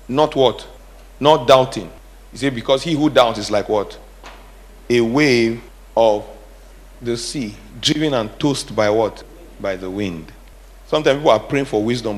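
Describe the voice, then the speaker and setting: A middle-aged man preaching a sermon, asking the congregation questions and building to emphatic repeated phrases. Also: mid-range voice. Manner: call-and-response preaching, rising to emphatic repetition. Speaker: pastor.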